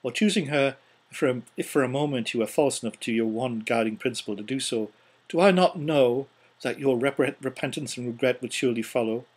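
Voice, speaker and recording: A steady young woman breaking off an engagement, read by a man with a husky voice. She speaks quietly and evenly, with a sorrowful, resigned calm and low, hushed delivery. It sounds like a storybook reading. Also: fairly quick, lightly acted. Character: young woman, calm and steady, gently releasing a former love. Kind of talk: audiobook character reading.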